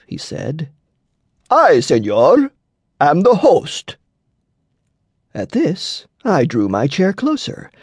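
A man narrating an audiobook story in an unhurried storytelling manner. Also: fairly high pitch, creaky, warm tone, breathy edge, no echo, clean studio sound. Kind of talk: scripted narration.

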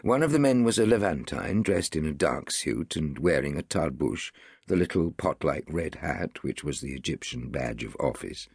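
Deep, gravelly male audiobook narrator. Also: moderate pace, no room sound, studio quality. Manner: expressive, wide-ranging storytelling. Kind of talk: scripted narration.

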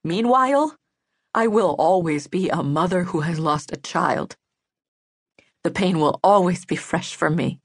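A woman's voice: lowish voice, a little slow, breathy edge, no echo. A woman voicing a bitter, grieving middle-aged mother who scolds angrily and mocks, for an audiobook, dry recording. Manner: angry, mocking, clipped. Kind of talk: audiobook character voice.

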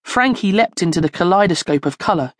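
A woman narrating a children's storybook in a slow, expressive storytelling manner, close to the mic. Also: fairly low pitch, no echo. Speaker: audiobook narrator.

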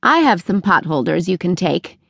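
A woman voicing a kindly, comforting Amish aunt who speaks gently in an audiobook. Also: fairly low pitch, sing-song, moderate pace, vocal fry, breathy edge, no room sound, studio quality, heavily acted. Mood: gentle.

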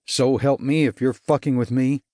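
A male audiobook narrator playing a gruff, short-tempered tough man who growls his curt lines. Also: medium pitch, fairly even intonation, moderate pace, darkish tone, no room sound, clean studio sound, lightly acted. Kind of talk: audiobook character voice.

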